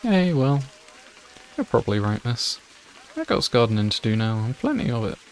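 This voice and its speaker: A man's voice: mid-range voice, sing-song, moderate pace, a little hiss or hum. Guy putting on a cagey young gardener, curt and brushing people off, voice jumps around a lot. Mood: dismissive. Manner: curt, dismissive working-class talk. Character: young male school gardener, gruff and evasive.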